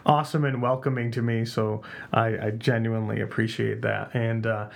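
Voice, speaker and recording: A man hosting a casual home podcast, relaxed and joking, laughing often. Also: mid-range voice, normal speed, creaky. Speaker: podcast host. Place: home podcast room with blankets on walls.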